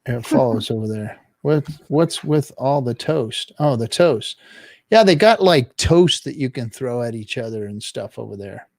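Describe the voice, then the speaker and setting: A man hosting a casual live-stream chat show, talking in a rambling, halting way with many restarts. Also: mid-range voice, lively intonation, creaky, darkish tone, no echo, clean studio sound. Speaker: podcast host.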